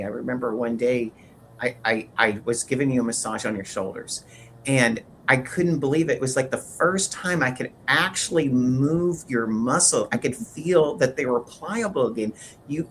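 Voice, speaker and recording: Man co-host, casual chat, halting delivery with lots of restarts and "um"s. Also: medium pitch, fairly bright tone, a little hiss or hum. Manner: halting, repeats words and fillers. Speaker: podcast co-host.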